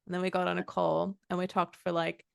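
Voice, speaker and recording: A woman's voice: on the low side, little pitch movement, brisk, vocal fry, clean tone, no echo, studio quality. A woman hosting a podcast who responds enthusiastically and laughs as she chats. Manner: enthusiastic, laughs while talking. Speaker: podcast host. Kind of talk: casual conversation.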